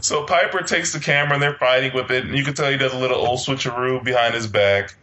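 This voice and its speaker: A man on a casual movie podcast, walking through the plot with crude, deadpan remarks. His tone is bright and sharp. The audio is slightly dull, with faint background hiss. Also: mid-range voice, quick pace. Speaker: podcast co-host. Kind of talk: casual movie review chat.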